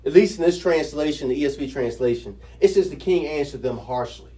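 A man with a high voice leads a Bible study. He reads passages and then breaks them down in a lively, chatty way, asking his listeners questions. He sits a bit back from the microphone, so he sounds distant. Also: a little fast. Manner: conversational and animated, chuckles, rhetorical questions to the listeners. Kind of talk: Bible teaching, scripture reading with commentary.

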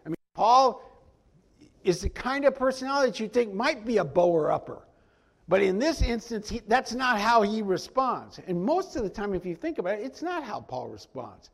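High-voiced gravelly male preacher. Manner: animated, acts out quoted lines in the story; folksy, frequent "I mean" asides. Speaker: pastor teaching a Bible study. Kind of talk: conversational verse-by-verse sermon.

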